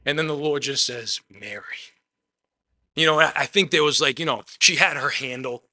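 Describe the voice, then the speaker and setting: A man's voice: fairly high pitch, steady tone, a little fast, bright, forceful tone, no echo. A man preaching a sermon in a conversational way, acting out the quotes as he tells the story. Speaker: pastor.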